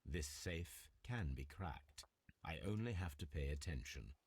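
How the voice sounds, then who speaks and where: A methodical Victorian detective in a video game, asking questions in a measured, formal way. His voice sits very low and carries a husky grain. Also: expressive, a little mellow, no echo, exaggerated voice. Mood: probing. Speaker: detective interrogating witnesses.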